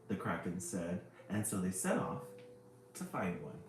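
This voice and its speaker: A man's voice: low voice, animated, unhurried, a little hiss or hum. Man reading a picture book aloud. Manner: chatty, laughing asides. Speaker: storyteller. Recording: very echoey room, faint music.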